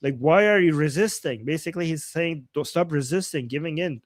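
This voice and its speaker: A man's voice: fairly high pitch, fast talker, no echo. Amused man translating live, very dry sound. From Iran. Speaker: live stream co-host. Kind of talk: casual live commentary, translating a clip.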